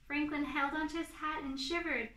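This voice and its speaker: A woman reads a picture book aloud to preschoolers, expressive and pausing to ask the children questions. Her voice is high and bright, and it echoes in the room. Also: distant mic. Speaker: storyteller.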